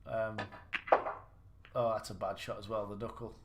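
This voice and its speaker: Heavy background noise surrounds a man with a fairly low pitch and level tone who speaks at a normal speed. He's a gaming livestreamer chatting casually through a snooker game, making fun of his own play as he rambles and restarts.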